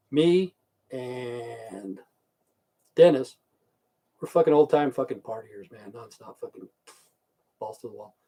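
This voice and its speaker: A middle-aged man with a warm, mid-range voice talks casually on a live stream. He rambles through stories, swears constantly, and reads out names from the viewer chat.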